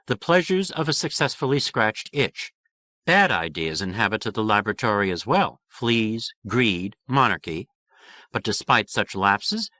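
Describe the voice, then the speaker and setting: A man reading an audiobook aloud with measured, clear delivery. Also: mid-range voice, a bit bright, no echo, studio quality. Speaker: audiobook narrator.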